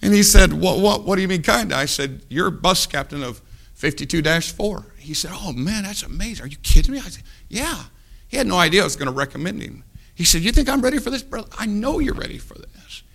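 Gravelly preacher guy, a bit high-pitched, folksy sermon story, goes quiet then gets loud. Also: expressive, fast talker. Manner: folksy, swings from hushed storytelling to loud exhortation.

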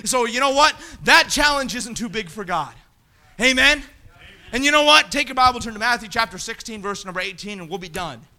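High, bright-voiced shouting preacher. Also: male voice, lively intonation, fairly quick. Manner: emphatic, rising to shouts. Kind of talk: sermon.

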